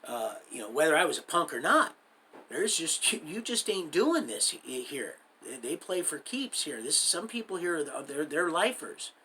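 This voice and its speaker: A man's voice: a little high, very animated, normal speed, pushed and bright, slight background noise, rough recording. A man casually telling a story from his own life, rambling with many restarts and acting out what others said, in streetwise slang. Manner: rambling, full of restarts and acted-out quoted dialogue.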